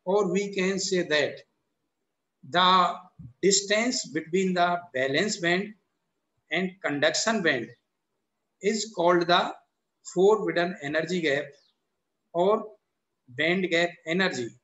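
A man with an Indian English accent giving a university lecture, halting and repetitive, often restarting with "so the" and "or we can say". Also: high-pitched, a bit bright, roomy sound, low-quality recording. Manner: halting, repeats itself, frequent "so the" and "or we can say" restarts. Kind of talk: recorded classroom lecture.

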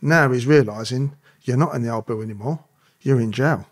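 A man's voice: mid-range voice, fairly quick. A middle-aged man, a podcast guest and former police officer who tells stories profanely, swearing constantly and acting out the dialogue. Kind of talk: profane anecdotal storytelling.

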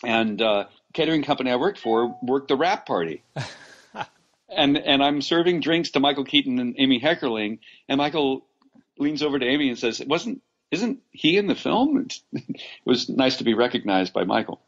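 A man's voice: medium pitch, normal speed, muffled recording. A man from Los Angeles, an actor being interviewed, telling long stories with many restarts and fillers and frequent laughs. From Los Angeles, USA. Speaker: actor, podcast guest. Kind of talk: casual interview storytelling.

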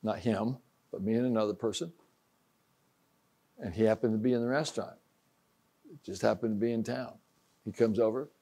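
A man's voice: fairly low pitch, steady tone, normal speed, pauses often, mellow. An older man from Ohio preaching an informal sermon, folksy, telling stories and acting out the voices he quotes.

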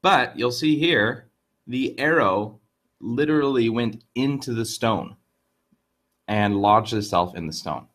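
A man telling a fable to camera in a casual, lively lesson, often repeating words and restarting his sentences. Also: mid-range voice, slow. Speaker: online Chinese idiom teacher.

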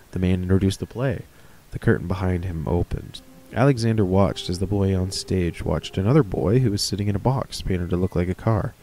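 A man's voice: low voice, brisk, mellow. A man reading a horror story aloud, with casual, chatty asides. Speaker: reader of stories.

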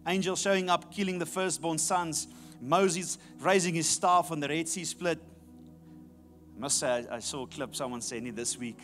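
A man preaches a sermon, driving his points home by repeating them. His voice sits a little high for a man. Faint music plays quietly in the background. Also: normal speed. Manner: emphatic, repeats key phrases. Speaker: pastor.

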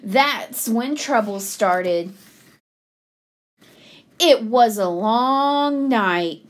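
A woman reading a picture book aloud to children, expressive and sing-song. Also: fairly high pitch, very slow, pauses often. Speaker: children's story reader.

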